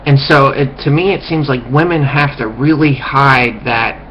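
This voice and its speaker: A man's voice: medium pitch, normal speed, a bit bright. A man in a rambling, contemptuous rant to camera, full of restarts and swearing. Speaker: vlogger. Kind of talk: ranting monologue. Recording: dull lo-fi recording with faint hiss.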